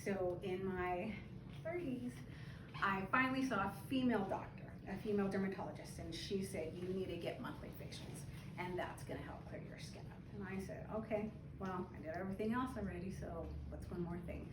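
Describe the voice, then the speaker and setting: A woman's voice: mid-range voice, brisk, background noise. A woman who owns a beauty spa, telling a story in an informal talk to a small gathering at her open house, chatty and laughing now and then. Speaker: spa owner and esthetician. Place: room at an open house party. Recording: echoey room from far off, background chatter.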